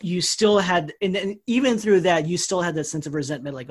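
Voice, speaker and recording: Husky-voiced man ranting about sports. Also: high-pitched, brisk. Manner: rambling, opinionated, trails off quieter. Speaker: podcast co-host. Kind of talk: casual sports chat.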